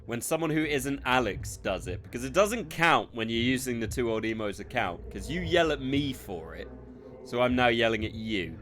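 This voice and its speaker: A man's voice: medium pitch, animated, normal speed, fairly bright tone. A man streaming a game, joking and teasing his co-host, playing with put-on accents. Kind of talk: casual game-stream commentary. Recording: voice over game music.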